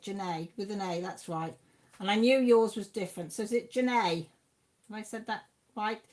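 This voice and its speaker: Chatty Welsh woman with a Radnorshire twang. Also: medium pitch. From Wales, Radnorshire. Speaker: livestream host. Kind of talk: casual chat reading out live comments.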